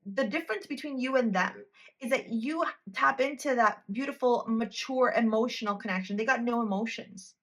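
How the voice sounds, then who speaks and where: A woman's voice: a little high, moderate pace, a bit bright. A woman reading tarot cards for a pick-a-card video, talking straight to the viewer in a blunt, emphatic way and swearing freely. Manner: addresses the viewer directly. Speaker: tarot reader.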